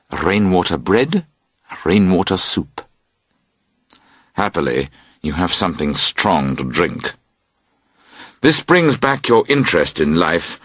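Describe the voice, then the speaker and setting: Slow husky male storybook narrator. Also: sits low, fairly bright tone, no echo. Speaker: audiobook narrator. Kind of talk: scripted narration of a graded reader.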